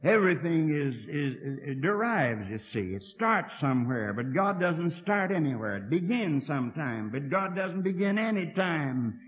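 A man in his sixties preaches a sermon in a college hall, folksy and earnest, adding dry asides and repeating words as he thinks. His slightly high voice is very animated, at normal speed with hardly any pauses. The recording is a dull, lo-fi archive tape from 1960.

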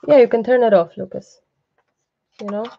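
A woman's voice: fairly high pitch, normal speed, gravelly, dry recording, narrow, tinny audio. A woman hosting a live online craft class, chatty and reassuring, breaking off for asides to the person behind the camera. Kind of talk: live craft tutorial, casual chat.

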